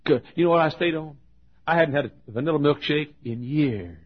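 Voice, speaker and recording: An older man, a pastor, preaching a sermon with a loud voice and lively storytelling. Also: fairly high pitch, fairly quick. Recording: dull lo-fi sermon recording.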